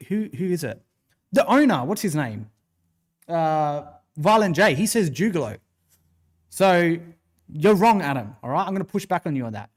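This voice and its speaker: An Australian man hosting a wrestling livestream, giving opinionated, rambling commentary, answering chat and swearing freely. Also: mid-range voice. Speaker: wrestling show host.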